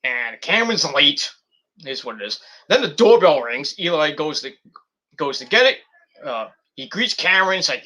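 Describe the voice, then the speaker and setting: A man casually recapping a wrestling show in a vlog, animated and swearing freely as he acts out what people said. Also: high-pitched, moderate pace.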